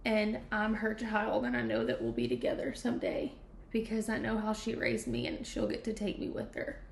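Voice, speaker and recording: A woman's voice: fairly high pitch, sing-song, moderate pace, gravelly, slight background noise. A woman hosting a podcast, speaking candidly and from the heart about grieving her mother. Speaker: podcast host. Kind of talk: emotional podcast conversation. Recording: echoey room.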